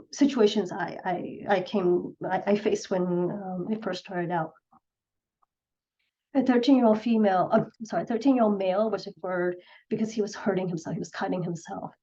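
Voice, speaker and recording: A woman's voice: mid-range voice, warm tone. A middle-aged woman, a clinical psychologist, giving an earnest presentation and telling patient stories with quoted voices. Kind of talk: presentation talk. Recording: slightly dull lo-fi sound.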